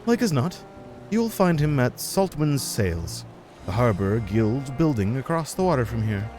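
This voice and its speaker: A man's voice: medium pitch, sing-song, normal speed, darkish tone, soft background music, close to an everyday voice. A man reading lines as a weary, resigned male harbor trader in a video game, in a gloomy, sighing way.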